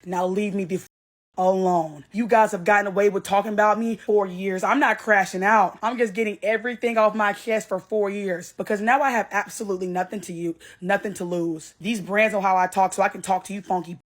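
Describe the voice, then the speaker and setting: A woman's voice: medium pitch, fairly even intonation, a little fast. Brash, blunt young woman ranting to camera. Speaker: social media creator. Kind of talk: selfie video rant.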